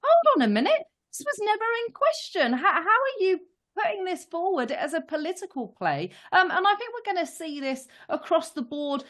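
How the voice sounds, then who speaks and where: A woman co-hosting a political commentary chat, animated and questioning. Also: extremely high pitch, moderate pace. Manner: animated, questioning, laughs often. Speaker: co-host.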